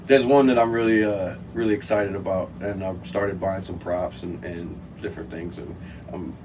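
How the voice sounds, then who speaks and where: A man with a fairly low voice chats loosely as a podcast guest, leaning on ums and uhs as he goes. He sounds set back from the mic, and steady noise hangs behind him. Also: moderate pace. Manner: relaxed, rambling with many fillers and laughs. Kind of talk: casual chat. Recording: distant mic with clear background noise.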